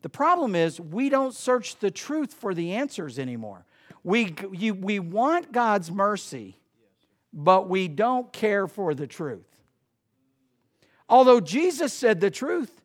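A man preaching a sermon in church, swinging between loud emphasis and quiet asides. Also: high voice, very animated, takes it slowly. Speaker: pastor. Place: church sanctuary.

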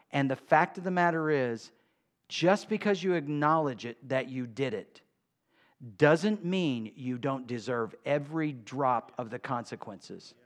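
A man preaching a sermon, swinging between quiet talk and loud, drawn-out emphasis. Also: medium pitch. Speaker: pastor.

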